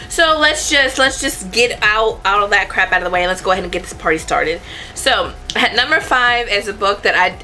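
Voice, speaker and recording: Young female vlogger, casual and rambling, bright tone, light music bed underneath. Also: mid-range voice. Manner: chatty, rambling, self-correcting. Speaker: book vlogger. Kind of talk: casual chat to camera.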